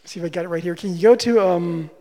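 Man, preacher, high-pitched voice, sermon with rhetorical questions, long hall reverb. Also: fast talker, creaky, warm tone. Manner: teaching with rhetorical questions and repeated phrases.

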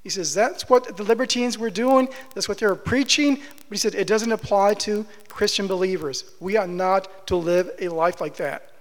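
Male preacher, high voice, impassioned delivery, long hall reverb. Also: normal speed. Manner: impassioned, rises to emphatic declarations. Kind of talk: expository sermon.

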